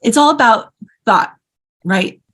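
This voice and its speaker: A woman hosting an interview, asking effusive, halting questions with many restarts. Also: fairly high pitch, lively intonation, fairly bright tone. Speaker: interview host.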